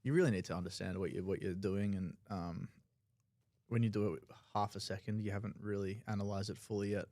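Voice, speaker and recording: A man's voice: fairly low pitch, fairly even intonation, brisk, a little mellow, no room sound, studio quality. A man with an Australian accent breaking down poker hands in live commentary, analytical and loose, full of filler words.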